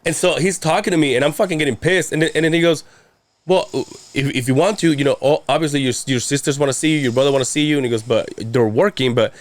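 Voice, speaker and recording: A man's voice: a little high, fast talker. A man in his thirties telling a long personal story in casual chat, rambling and profane, acting out the people he quotes. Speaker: podcast guest telling a story.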